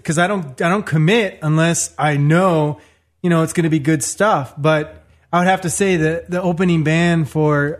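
A man co-hosting a radio talk show, easygoing in casual chat. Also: on the high side.

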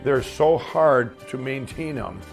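A man's voice: mid-range voice, animated, takes it slowly, vocal fry, faint music behind. A middle-aged man casually telling his own life story, rambling, with many restarts and fillers.

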